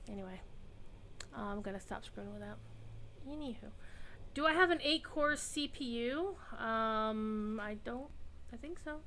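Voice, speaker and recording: A fairly high-pitched woman chats her way through a live game stream from home. Her talk rambles along in a loose, offhand way, and she slips into soft baby talk for her pet. There is a light hiss of noise behind her. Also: a little slow, long pauses. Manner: chatty and rambling, baby-talks to her cat. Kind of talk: casual live-stream chat. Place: home room.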